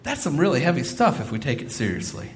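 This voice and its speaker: A man's voice: fairly high pitch, very animated, quick pace, slight background noise. A man in his thirties preaching a sermon, earnest and repeating phrases for emphasis. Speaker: pastor.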